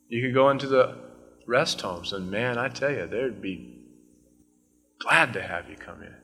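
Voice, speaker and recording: A man's voice: mid-range voice, bright, forceful tone, in a large hall. A man preaching an evening sermon as pastor, talking conversationally and swelling into fervent scripture reading.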